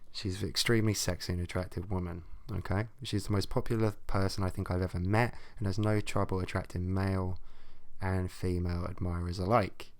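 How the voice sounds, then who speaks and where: Low-voiced sarcastic man. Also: no echo. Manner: sarcastic, blunt and sweary. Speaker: host reacting to advice letters. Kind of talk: comic rant reading out letters.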